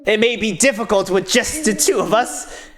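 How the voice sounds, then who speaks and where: A man doing a pompous gruff knight captain. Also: sits high, moderate pace, background noise, voice pushed up, close to an everyday voice. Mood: stern.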